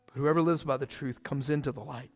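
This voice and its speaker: A man's voice: medium pitch, fairly even intonation, fast talker, faint music behind. A male pastor preaching a sermon in a casual, fired-up way, often saying "man".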